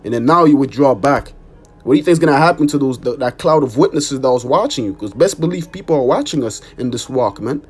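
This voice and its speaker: A man's voice: medium pitch, expressive, a little fast, husky, soft background music. A man preaching an informal sermon and reading scripture, emphatic, repeating "man" and cursing for emphasis. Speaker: street preacher.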